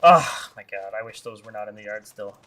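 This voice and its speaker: A man's voice: on the low side, animated, a little fast, bright, forceful tone. A man chatting casually with his live-stream audience while playing a farming game, joking and reading the chat aloud.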